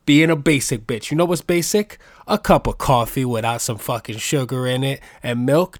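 A man hosting a solo comedy podcast, talking in a loud, hype-man style full of swearing. His voice sits mid-pitch and sounds close and dry, with no room around it. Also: dry recording. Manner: animated, profane, hype-man delivery. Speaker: podcast host.

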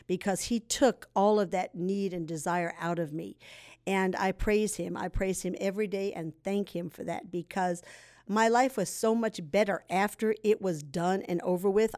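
A woman in her sixties sharing her personal testimony as a guest, earnest and emotional, speaking with deep faith. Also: a little mellow. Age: 60s.

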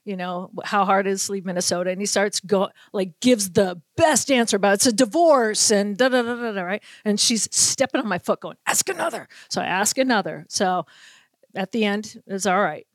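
A woman from Boston, a sports reporter hosting a casual talk show, telling a lively anecdote full of acted-out quotes. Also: mid-range voice, normal speed, dry recording. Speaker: sports reporter, podcast host. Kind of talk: casual storytelling chat.

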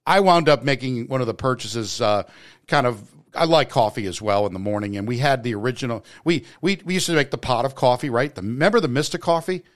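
A man's voice: medium pitch, fairly quick. A man from New Jersey chatting casually as a co-host, rambling with many restarts and fillers. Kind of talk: casual chat.

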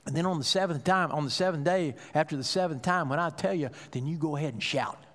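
A male pastor preaching a sermon, telling a story with acted-out dialogue and building to loud, emphatic peaks. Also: fairly high pitch, fast, in a large hall.

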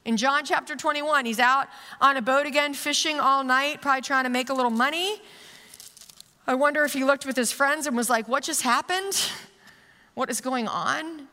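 A woman's voice: high-pitched, steady tone, a little fast, bright, forceful tone. A woman giving a casual, conversational sermon, telling a story animatedly with plenty of fillers. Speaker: preacher. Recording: long reverb of a large hall.

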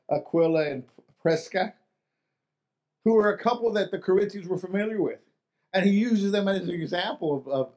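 A man preaching a sermon in an earnest way, often restarting phrases and asking the listeners rhetorical questions. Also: a little high. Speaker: pastor.

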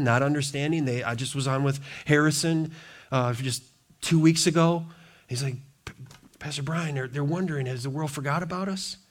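A middle-aged male pastor preaching a sermon with passionate, emphatic delivery and repeated phrases. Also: mid-range voice.

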